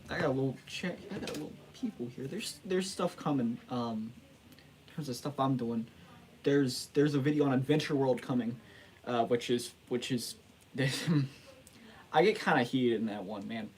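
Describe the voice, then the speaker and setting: A man's voice: mid-range voice, normal speed, darkish tone, low-quality recording. Rambling young-sounding male streamer. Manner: rambling and self-joking, with frequent restarts and laughs. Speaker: livestream host. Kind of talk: casual livestream chat.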